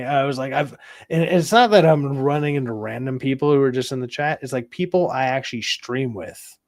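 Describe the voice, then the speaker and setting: A man's voice: mid-range voice, brisk, darkish tone, no echo, clean studio sound. A man streaming live, telling a story loosely with swearing. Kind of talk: casual stream chat.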